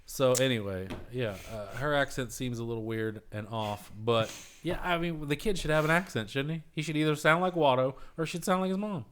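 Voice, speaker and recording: A man's voice: medium pitch, fairly quick, hardly any pauses, a little hiss or hum. A man in casual podcast chat, rambling and cursing freely as he retells film scenes. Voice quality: profane, rambling, animated retelling. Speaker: podcast host.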